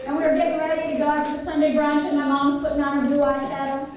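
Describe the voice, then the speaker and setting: A middle-aged woman telling a personal story to a conference audience, animated and often asking the listeners questions. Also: high-pitched, racing, recorded from a distance. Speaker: conference speaker. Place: large conference hall. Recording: echoey hall, voice picked up from afar.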